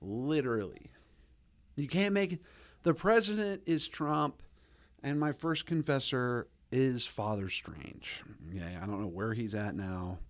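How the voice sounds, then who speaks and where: A man in his thirties hosting a podcast, telling a casual story packed with fillers and jumping up in pitch when he acts out quoted lines. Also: expressive, unhurried. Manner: drawling fillers like "like" and "you know". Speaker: podcast host.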